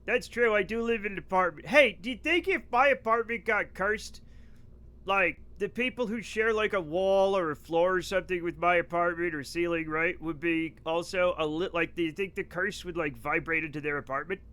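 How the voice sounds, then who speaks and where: A man's voice: high voice, moderate pace, pushed and bright. A man with a New England accent chatting casually and animatedly on a live game stream, joking with his viewers. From northeastern United States.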